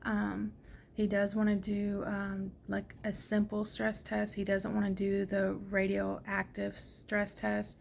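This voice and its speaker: Young woman filming from her hospital bed, flat gravelly voice, tired and a bit grouchy, lots of ums, faint hum behind her. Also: mid-range voice, slow pace. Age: young adult. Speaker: vlogger. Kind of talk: casual hospital update vlog. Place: hospital room.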